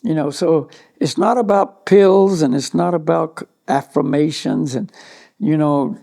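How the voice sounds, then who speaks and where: A man giving a relaxed talk on staying calm, telling a rambling anecdote full of "you know" asides. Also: fairly high pitch, unhurried, vocal fry.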